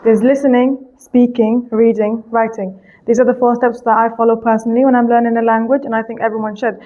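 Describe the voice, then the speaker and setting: A young woman with a British accent touched by American speaks quickly and frankly in a fairly high voice. She answers like a teacher, chatty and full of "like"s. The audio sounds dull and lo-fi. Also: level tone. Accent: British, with some American. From England. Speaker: English teacher. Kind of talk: casual interview answers. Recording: muffled lo-fi audio.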